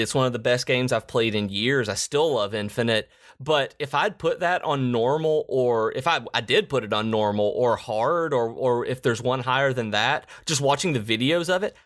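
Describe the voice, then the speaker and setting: Animated male podcast co-host. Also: mid-range voice. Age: adult, married. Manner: animated storyteller, jumps to shouts when acting out quotes. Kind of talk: casual chat.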